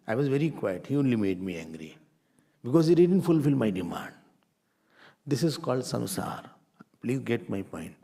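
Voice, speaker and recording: A middle-aged man with an Indian accent, teaching a spiritual class in a lively, playful way. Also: medium pitch, vocal fry. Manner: animated, playful, mixes Hindi phrases. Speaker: Vedanta teacher.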